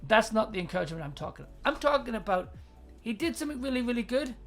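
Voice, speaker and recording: A woman's voice: a little high, very animated, rapid-fire, faint music behind. A woman hosting a livestream advice chat, blunt and swearing freely, laughing often and reading out viewer comments. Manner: reads viewer chat aloud.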